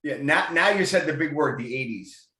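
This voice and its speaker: A man's voice: fairly high pitch, expressive, normal speed, sharp tone. A man hosting an interview show, chatting in a jokey, enthusiastic way. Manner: jokey and enthusiastic, plugs bands. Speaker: show host. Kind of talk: casual interview chat. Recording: echoey room.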